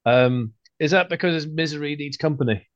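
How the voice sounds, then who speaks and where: A man's voice: a little high, normal speed, dry recording, highs cut off. A man hosting a casual podcast, teasing his guests with joking banter over a video call. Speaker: podcast host.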